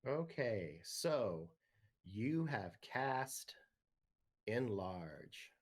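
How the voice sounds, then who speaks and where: A man running a tabletop game as game master, talking in a relaxed way with many ums and uhs. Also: lowish voice, drawn-out words.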